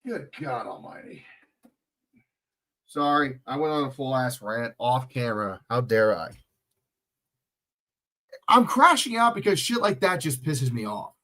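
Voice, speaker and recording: A man's voice: medium pitch, expressive, a little slow, sharp tone. A man ranting and cursing bluntly while calling a football game live on a stream, lecturing the players between plays. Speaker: livestream commentator. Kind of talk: profane ranting play-by-play commentary.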